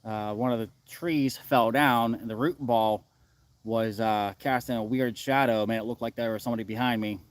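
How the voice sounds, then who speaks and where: A man casually chatting on a live stream from outdoors in the woods, reading chat and speaking in a relaxed way with many filler uhs. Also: mid-range voice, moderate pace, no echo.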